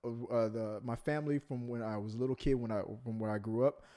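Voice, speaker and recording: A man's voice: medium pitch, fairly even intonation, fairly quick, warm tone. A man from Texas hosting a casual podcast chat, talking with frequent restarts and hesitations. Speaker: podcast host.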